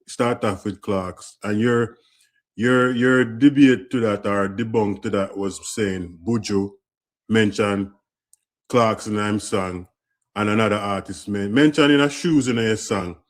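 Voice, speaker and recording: A man with a Jamaican accent arguing his point in a live stream debate, stumbling and repeating words as he builds his case. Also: medium pitch. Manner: argumentative, halting with repeated words. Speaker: debate caller.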